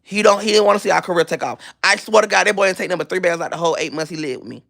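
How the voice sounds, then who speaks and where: Speaking very fast in a high, sharp voice with vocal fry, a gossip-channel host launches into a blunt, profane, mocking rant. He keeps circling back over his phrases, repeating and restarting them as he searches for a video.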